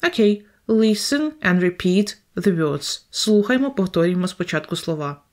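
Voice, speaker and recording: A woman's voice: on the low side, lively intonation, moderate pace, a little mellow. Ukrainian woman teaching English. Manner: explains each step twice, in English then Ukrainian. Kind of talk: explaining a textbook lesson.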